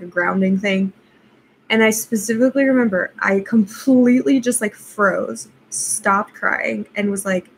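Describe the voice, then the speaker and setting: A woman's voice: medium pitch, vocal fry, a little hiss or hum, rough recording. A young woman vlogger casually telling a personal story, rambling with lots of fillers and laughing at herself.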